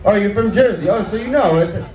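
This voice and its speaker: A man's voice: sits high, brisk. Stand-up man, distant echoey lo-fi sound. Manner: loose, chatty, crude joking, asks the crowd questions. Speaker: stand-up comedian. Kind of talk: stand-up set with crowd work. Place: outdoor stand-up show. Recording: echoey, distant, dull sound with faint background noise.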